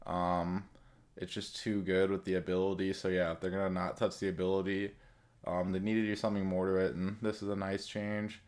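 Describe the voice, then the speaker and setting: Slangy, rambling man with a lowish voice. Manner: rambling, loose slangy talk with many fillers. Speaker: gaming content creator. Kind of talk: casual commentary on game updates.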